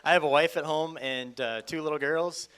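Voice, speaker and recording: A young man from Iowa, an auction school student, speaking softly about his family and calling bids in a rapid rhythmic chant. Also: on the high side, steady tone, smooth. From Iowa, USA. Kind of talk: auctioneer's bid calling and interview.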